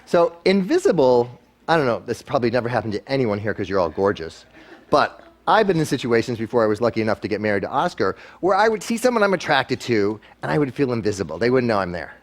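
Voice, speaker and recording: A man gives a motivational talk to a live audience, slipping into quick impressions of the people he quotes. His delivery is playful and self-deprecating, with a voice of ordinary middle pitch. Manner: animated, acts out quoted voices. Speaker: guest speaker.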